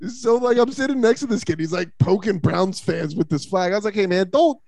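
A man co-hosting a casual sports talk show, telling loud, rambling, mocking stories. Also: high voice, animated, a little fast, vocal fry, no echo. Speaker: co-host.

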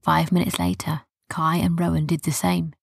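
A woman narrating a children's story softly, often dropping to a whisper. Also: deep voice, flat delivery, moderate pace, vocal fry, husky, no room sound, studio quality.

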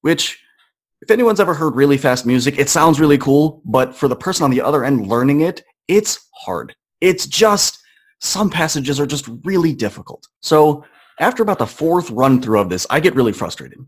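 A young man in his twenties, a podcast guest, earnestly telling a personal story in a relaxed, conversational way. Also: on the high side, normal speed. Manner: earnest, conversational, acts out quoted voices.

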